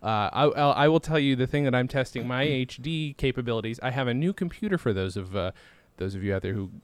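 Rambling, animated podcast host man. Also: medium pitch, fast talker, clear, resonant tone, no echo. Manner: rambling, self-deprecating, many fillers and restarts. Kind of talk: casual chat.

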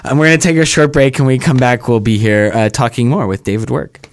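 A man's voice: medium pitch, quick pace. A man hosting a casual radio talk show, joking and laughing often as he asks questions.

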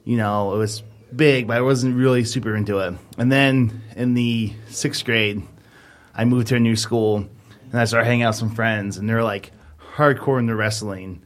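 A man's voice: mid-range voice, steady tone, moderate pace. A man in his thirties, a podcast co-host, telling a long rambling story in casual chat, full of fillers.

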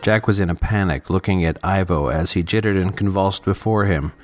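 A man reading a serialized fiction story aloud, narrating in a measured, even way. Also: low-pitched, faint music behind. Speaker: podcast narrator.

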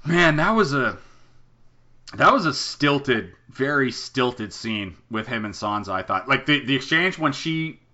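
A man's voice: medium pitch, lively intonation, measured pace, pushed and bright. A man hosting a casual podcast chat, talking animatedly, swearing freely and laughing often. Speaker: podcast host. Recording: dull lo-fi recording.

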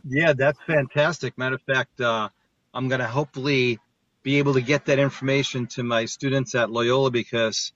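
A man calling in by phone to a radio show as a guest meteorologist, relaxed and friendly. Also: medium pitch, moderate pace, dry recording. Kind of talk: casual radio talk. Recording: dull phone line.

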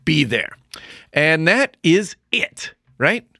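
A man hosting a podcast in casual chat, upbeat and quick to laugh, reading out the sign-off plugs. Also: fairly high pitch, sing-song, vocal fry, pushed and bright, no echo, clean studio sound. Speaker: podcast host.

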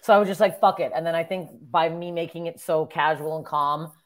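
Woman comic guest, talks fast, super chatty, lots of likes. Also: low voice, fairly even intonation. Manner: quick, chatty, full of "like". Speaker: comedian guest. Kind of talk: casual chat.

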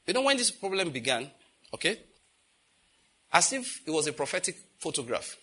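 Man, pastor preaching, bright husky voice, emphatic, questions the congregation, loud then quiet. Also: fairly high pitch. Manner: swings from loud declarations to quiet intensity. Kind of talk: sermon.

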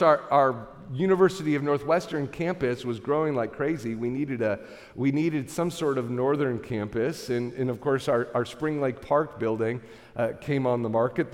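A middle-aged man preaching a sermon, telling a story with an animated, self-deprecating manner and many restarts. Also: mid-range voice. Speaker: pastor. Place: large church hall. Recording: reverberant church hall.

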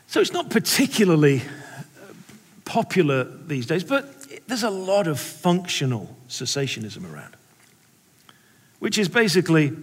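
An English preacher delivers a sermon with rhetorical questions and humorous stories. His voice sits high for a man, and a long reverb fills the hall around him. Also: normal speed, slightly rough. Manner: animated, rhetorical, humorous storytelling.

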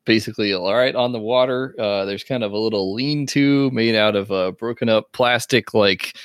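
A man player in a tabletop roleplaying game, halting and thinking aloud as he sets a scene. The recording is close and dry with no room sound. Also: lowish voice, no room sound.

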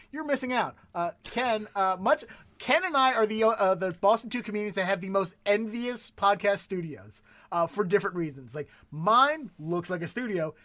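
A man with a Baltimore accent hosting a podcast in casual chat, laughing often and filling pauses with "uh". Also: high voice, fairly bright tone. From Baltimore area, US. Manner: laughs often, lots of filler "uh"s. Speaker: podcast host.

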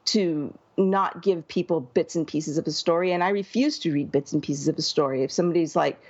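A woman hosting a casual podcast chat, her voice husky because she is sick, talking quickly and laughing often. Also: deep voice, a little mellow, lo-fi sound. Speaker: podcast host.

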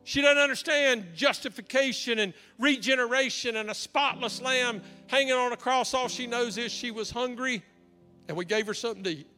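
A man preaching a sermon, an animated storyteller who acts out the dialogue. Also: extremely high pitch, fairly quick. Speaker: pastor. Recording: reverberant hall with faint music.

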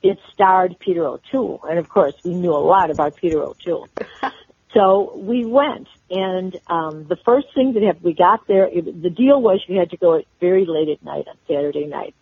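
An older woman from Chicago, a guest telling personal stories in an interview, with halting restarts. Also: fairly low pitch, breathy edge, no echo. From Chicago, USA. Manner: warm storyteller, halting restarts. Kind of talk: storytelling interview. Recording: tinny phone-line audio.

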